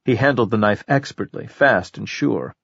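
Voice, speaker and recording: A man narrating a crime novel audiobook in a measured, even storytelling manner. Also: on the low side, vocal fry, husky, dry recording, lo-fi sound. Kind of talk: scripted narration.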